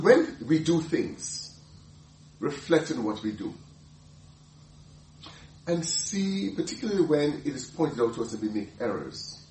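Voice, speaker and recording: Animated man teaching the Bible. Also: on the high side, roomy sound, distant mic. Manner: animated, laughing often, many restarts.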